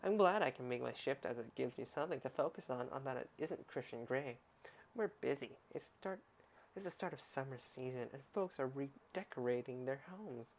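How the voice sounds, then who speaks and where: A man at home reads a novel aloud as a parody audiobook, in a middle-pitched voice. He trips over words and restarts them, and breaks off into sarcastic, fed-up comments on the text. The delivery is casual and unpolished. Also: expressive, normal speed. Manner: sarcastic, interrupts reading with exasperated comments; stumbles and restarts words while reading. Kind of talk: mock audiobook reading with asides.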